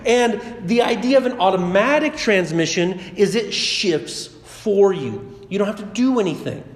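Brief: male preacher, light high voice, relaxed storytelling sermon, big reverberant hall. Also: measured pace. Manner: conversational and chatty, with personal stories. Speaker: pastor.

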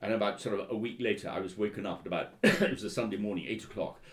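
A man with a very low voice tells stories about his work in a relaxed interview. He hesitates often, circles back with ums and restarts, and keeps a wry tone. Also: fast talker. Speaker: historian and author. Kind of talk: anecdotal interview storytelling.

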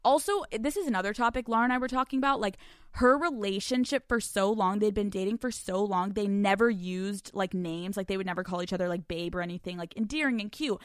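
A woman's voice: mid-range voice, fast, clean tone, no room sound, studio quality. Profane, laughing woman podcast host. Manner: profane, animated, laughs often, acts out quotes. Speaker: podcast host answering listener questions. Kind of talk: casual advice chat.

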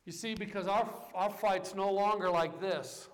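A male pastor preaching a passionate sermon, swinging from loud, shouted lines down to quiet, intimate ones. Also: high voice, fairly even intonation, unhurried, reverberant, big-room sound.

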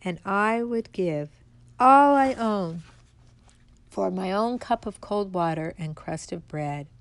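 A woman's voice: mid-range voice, lively intonation, slow pace. A woman voicing a grieving, remorseful king who pleads and sobs in despair. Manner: pleading, sobbing delivery.

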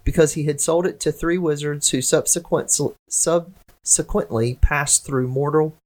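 A woman's voice: low-pitched, measured pace, darkish tone. A woman chatting casually and reading passages aloud, stumbling over words and stopping to question them.

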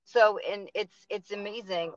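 A woman's voice: medium pitch, steady tone, measured pace, no echo, muffled recording. Chatty Boston woman hosting a show. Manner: chatty, lots of fillers and likes. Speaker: podcast host. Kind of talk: casual interview chat.

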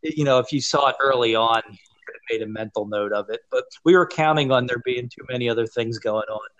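A man's voice: medium pitch, quick pace, fairly bright tone, lo-fi sound. A man who hosts and produces the show, asking open questions in a casual interview and adding behind-the-scenes anecdotes. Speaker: host and producer.

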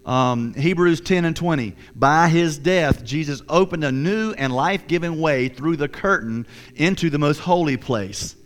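A man's voice: fairly high pitch, moderate pace. A man preaching a sermon, earnest and repetitive, often voicing the thoughts of a guilty listener. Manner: earnest, repetitive, acts out inner voices. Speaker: pastor.

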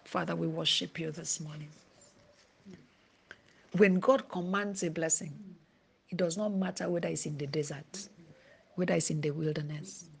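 Woman preacher, husky voice, goes quiet and whispery then loud and pressing. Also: deep voice, steady tone, normal speed, pauses often. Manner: drops to a hushed whisper at times, then rises emphatic. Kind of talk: sermon.

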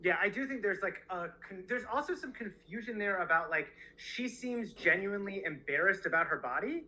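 A man's voice: high-pitched, animated, a little fast, bright, forceful tone, a little hiss or hum, rough recording. A man co-hosting a book discussion podcast, talking reflectively and reading quotes aloud. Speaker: podcast co-host.

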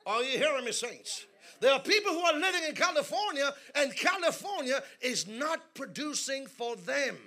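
Man preaching at church, really high voice, super bright and sharp, call and response, gets shouty. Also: big pitch swings, normal speed. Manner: humorous storytelling asides. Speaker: guest preacher. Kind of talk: sermon. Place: church service.

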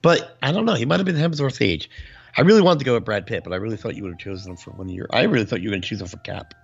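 A man's voice: lowish voice, expressive, rapid-fire, vocal fry, husky, lo-fi sound. A man co-hosting a casual podcast chat, laid-back and joking.

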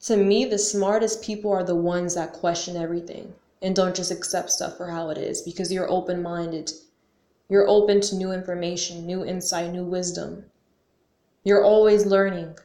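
A woman's voice: lowish voice, steady tone, moderate pace, dark tone. A young woman talking casually to camera as a vlogger, slangy and full of questions, often saying "like" and cursing now and then. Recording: roomy echo.

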